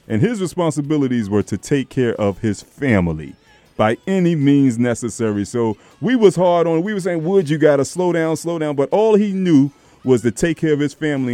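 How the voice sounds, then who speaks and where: A man's voice: mid-range voice, no echo. A man hosting a live radio tribute call-in, talking affectionately and calling his callers baby and darling. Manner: affectionate, lively, calls people baby and darling. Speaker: radio host.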